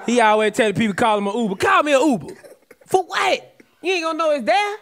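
A man with a Southern US accent and a very high, bright, forceful voice riffs on a comedy podcast. He tells stories loudly and animatedly, often breaking into shouts and laughter. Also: expressive, quick pace. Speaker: podcast co-host. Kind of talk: comedic riffing podcast banter.

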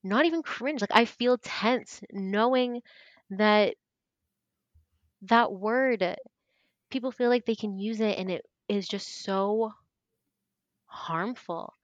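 A young woman in her twenties, a podcast guest telling her story in casual chat, earnest and animated, acting out what others said. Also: medium pitch, slow, long pauses, dry recording, highs cut off. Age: 20s. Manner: earnest, animated, acts out quoted voices.

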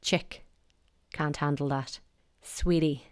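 A woman's voice: sits low, normal speed, clear, resonant tone, dry recording, studio quality. An Irish woman talking casually and wryly, giving her opinions in a chatty monologue.

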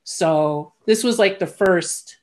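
A woman's voice: fairly low pitch, takes it slowly. A woman in casual conversation, candidly retelling a personal story, with frequent restarts and blunt asides. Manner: candid, animated retelling with quoted voices, blunt.

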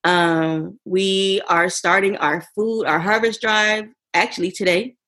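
A woman's voice: medium pitch, steady tone, slow pace, pushed and bright. A woman co-hosting a casual chat, upbeat and rambling with lots of fillers. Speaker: podcast co-host.

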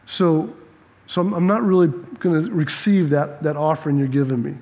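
A man voicing God as a calm, firm figure who patiently corrects a man, speaking low and quietly. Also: moderate pace, close to an everyday voice. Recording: long reverb of a large hall.

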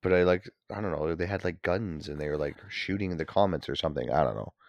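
Deep gravelly sardonic man. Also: fast, no room sound, muffled recording. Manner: skeptical, sardonic, profane. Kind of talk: casual chat.

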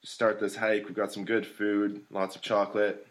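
A man's voice: lowish voice, flat delivery, moderate pace, very noisy. A man in casual chat, telling a self-mocking story in a laid-back way.

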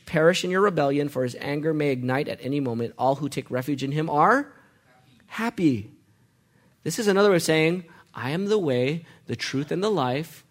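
A man preaching with real energy, his voice a bit higher than most men's. He keeps tossing questions out to the congregation and answering them himself in a lively sermon style. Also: normal speed. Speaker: pastor.

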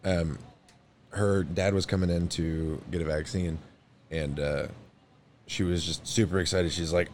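A man with a very low voice telling a story in a relaxed podcast chat. He swears offhandedly, trails off into chuckles, and lifts his voice when he quotes someone. A faint ambient noise sits under the voice. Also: unhurried. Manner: laid-back, swears casually, trails off with chuckles. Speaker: podcast co-host. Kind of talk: casual chat.

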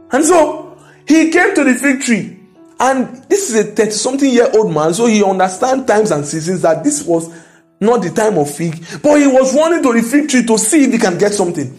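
A high-pitched man preaching. He drives each point home, climbing into loud declarations, with soft music faint in the background. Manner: emphatic, rising to loud declarations. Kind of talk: sermon.

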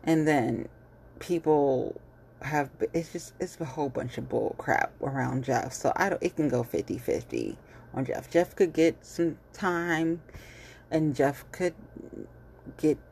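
Woman, vlog rant, gravelly, low-pitched, blunt, cursing, lots of "like". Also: expressive, unhurried, darkish tone, a little hiss or hum. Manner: blunt, profane, heated; fillers and repetitions. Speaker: vlogger. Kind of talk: casual ranting commentary.

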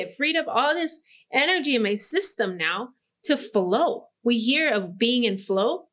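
A woman hosting her own podcast from Hawaii, with a fairly high, bright-sounding voice. She gives a casual motivational talk into a microphone. Her delivery is bubbly, full of laughs and "like" fillers. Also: animated, normal speed. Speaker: podcast host.

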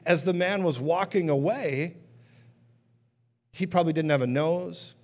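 A man's voice: a little high, a little slow. A man preaching a sermon in a conversational teaching manner, often checking in with his listeners.

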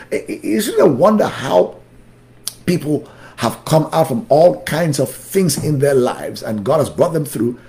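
Male pastor, fervent preaching voice, very animated pitch, emphatic repetition, Bible study sermon. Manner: fervent, emphatic repetitions, swings between loud and soft.

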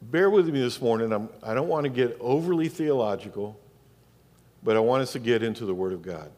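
A pastor with a Southern US accent preaching a sermon, asking rhetorical questions and repeating phrases for emphasis. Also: male voice, medium pitch, lively intonation, a little fast, a little mellow. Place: church sanctuary. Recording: long reverb of a church hall.

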